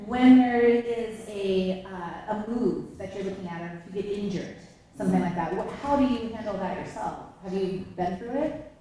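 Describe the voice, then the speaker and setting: A woman's voice: mid-range voice, moderate pace, mellow, recorded from a distance, a little hiss or hum. Woman moderating a panel in an echoey hall.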